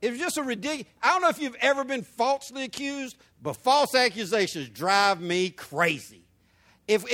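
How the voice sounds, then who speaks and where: A male pastor preaching a sermon, asking the crowd questions and rising to shouts. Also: very high voice.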